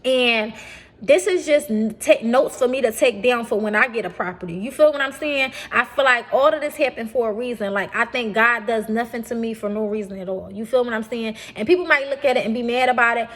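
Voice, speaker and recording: A young adult woman talks straight to her viewers in a casual vlog. Her voice sits a bit high. She is animated, keeps repeating her points, and keeps calling her audience y'all. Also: brisk. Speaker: vlogger. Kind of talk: casual talk to camera.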